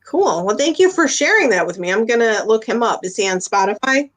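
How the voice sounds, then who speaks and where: A woman's voice: a little high, animated, brisk. A woman hosting a casual chat, easygoing and encouraging toward her guest. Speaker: host.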